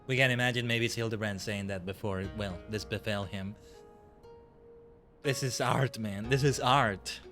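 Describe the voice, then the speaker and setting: A man streaming a video game, gushing excitedly with stumbling restarts. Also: fairly low pitch, moderate pace, faint music behind. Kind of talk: casual live gameplay reactions.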